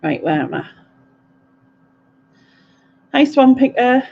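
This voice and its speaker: A woman's voice: sits high, big pitch swings, slow, gravelly, dull audio. A middle-aged woman, chatting and giggling through a casual live question-and-answer stream.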